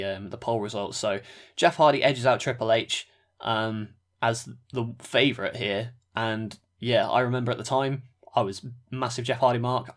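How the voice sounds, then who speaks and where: A man co-hosting a relaxed podcast conversation. His pitch sits in an ordinary middle range, and his delivery wanders, full of fillers and quick asides. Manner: relaxed, rambling, with fillers and laughs. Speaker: podcast co-host. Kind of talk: casual wrestling review chat.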